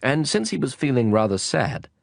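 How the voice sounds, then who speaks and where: Casting: male audiobook narrator, calm, expressive reading, dry close sound. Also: mid-range voice, normal speed, creaky, no echo.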